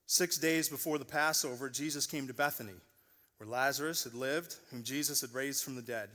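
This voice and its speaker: A man in his forties preaching a sermon as pastor, telling stories with lively acted-out voices and loud bursts. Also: a little high. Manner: animated storytelling, acting out voices in loud bursts. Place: large church auditorium. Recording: long hall reverb.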